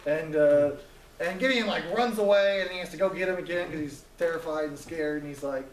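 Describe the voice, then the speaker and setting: A man's voice: a little high, brisk, roomy sound, distant mic, slight background noise, rough recording. A man teaching a Bible story in a casual, joking way, acting out the characters' lines as he retells it.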